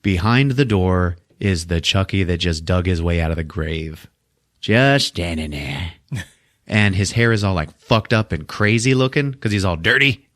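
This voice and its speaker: A man recaps a horror movie in a loose, swearing, animated style, laughing between beats. His voice is lowish, and the recording is dry and close. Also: moderate pace, no room sound. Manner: profane, laughing, animated storytelling. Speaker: podcast host.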